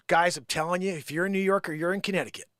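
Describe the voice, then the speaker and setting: A man's voice: sits high, fairly even intonation, a little fast, fairly bright tone, clear, resonant tone, no room sound, studio quality. A man hosting a live comedy show who reads an article aloud and breaks in with sarcastic, mocking asides. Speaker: comedy live-stream host. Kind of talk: comic rant reading an article aloud.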